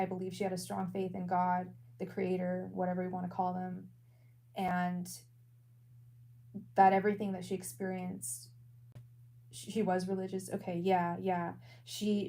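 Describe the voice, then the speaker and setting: A woman working as a tarot reader and psychic medium on a live stream. She talks in a soft, halting way and repeats her words often. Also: medium pitch, poor audio. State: emotional.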